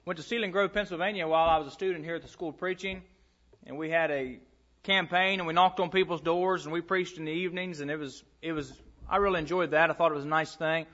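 A man's voice: on the high side, fairly even intonation, quick pace, a bit bright, dull audio. A man preaching a sermon to a congregation, reading scripture aloud and telling stories from his own ministry. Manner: storytelling, reads scripture aloud.

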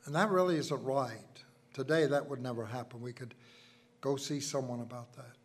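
An older man preaching a sermon, telling folksy personal stories and swinging from loud emphasis to hushed asides. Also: medium pitch, moderate pace.

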